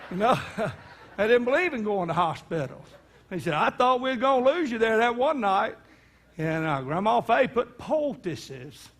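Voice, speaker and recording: A man's voice: high-pitched, a bit bright. A man preaching, telling a family story in folksy speech and acting out the voices of the people in it. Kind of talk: sermon storytelling.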